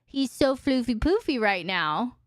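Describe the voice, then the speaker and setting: Woman host, candid and chatty, higher voice, smooth and clear, dry close mic, live-stream Q&A. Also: big pitch swings, unhurried, no room sound. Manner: chatty, frank, talks to her dog in baby talk. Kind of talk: casual live-stream chat. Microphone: desk microphone.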